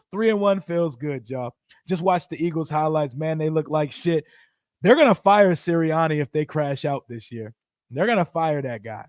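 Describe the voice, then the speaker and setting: A man's voice: fairly high pitch, darkish tone, dry recording, studio quality. A man in his forties hosting a post-game fan livestream, hyped up and trash-talking brashly. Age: 40s. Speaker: livestream host.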